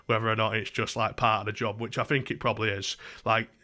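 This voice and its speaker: A man's voice: lowish voice, flat delivery, fast, sharp tone. A young man telling a story in a chatty, casual way, swearing freely. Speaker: vlogger.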